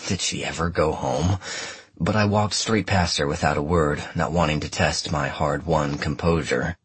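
Husky, deep-voiced man as first-person audiobook narrator, dry close mic. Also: fairly even intonation, moderate pace, no room sound.

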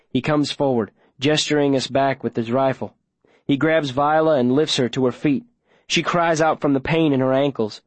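A man narrating a first-person audiobook in a low, steady storytelling voice. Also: normal speed, dry recording.

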